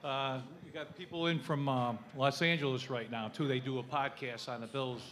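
A man's voice: mid-range voice, steady tone, moderate pace, a bit bright, faint music behind. A middle-aged man, a fan at a live show, asking a rambling question with many hesitations.

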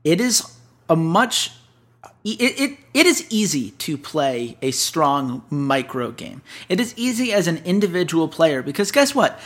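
A man co-hosting an esports analysis show, talking through a team's weaknesses in a brisk, emphatic way and putting questions to his co-host. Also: on the high side, big pitch swings, a bit bright. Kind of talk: casual analysis chat.

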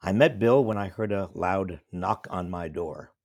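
Deep and darkish, this man's voice keeps a measured pace in a dry, clean studio recording. He's a seventies-aged professor and commentator from small-town New York State, telling a wry, reflective story about his own life.

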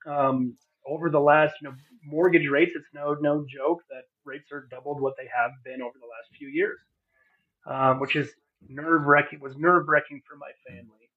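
As a podcast guest, a man gives an earnest, heartfelt personal testimony, full of fillers and restarts, over phone-like narrow audio. His voice is on the high side and breathy at the edges, steady in tone and moderate in pace.

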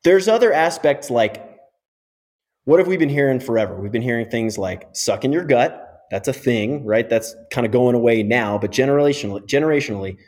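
A man's voice: mid-range voice, animated, brisk, darkish tone. Middle-aged male physio guest, emphatic explainer, interview podcast.

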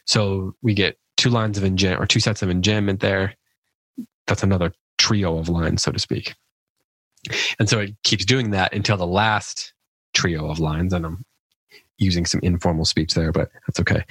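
Male podcast host, low voice, dry close sound, reflective poetry commentary with some restarts. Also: moderate pace, fairly bright tone, breathy edge, no echo, poor audio. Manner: thoughtful, musing, with frequent restarts.

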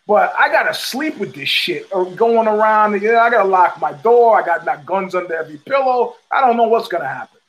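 A man's voice: sits high, lively intonation, fairly quick, few pauses, fairly bright tone, muffled recording. A middle-aged man hosting a show, telling a long profane story and acting out the people in it. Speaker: host. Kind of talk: storytelling monologue.

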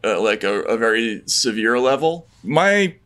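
A man co-hosting a political talk show. His delivery is earnest and worried, full of halting restarts and repeated words as he works through his thoughts. His pitch sits in a plain middle range. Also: very animated, a bit bright. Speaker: podcast co-host. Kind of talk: casual political chat.

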